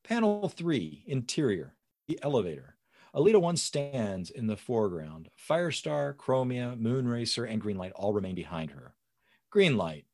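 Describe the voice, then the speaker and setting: A man reading comic script panel descriptions aloud in a lively way. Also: medium pitch, moderate pace. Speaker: script reader.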